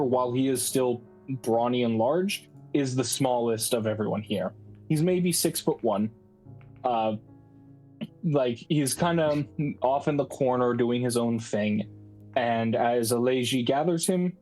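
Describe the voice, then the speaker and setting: An easygoing game master describing scenes at a mid-range pitch, rambling loosely with fillers. Faint music sits in the background. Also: darkish tone, poor audio. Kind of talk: narrating a tabletop game.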